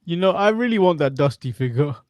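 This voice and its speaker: This man has an English accent and is co-hosting a casual podcast chat. His voice sits a little high. He chuckles a lot and often stumbles and restarts his sentences. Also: animated, brisk. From England. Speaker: podcast co-host. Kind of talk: casual watch-along chat.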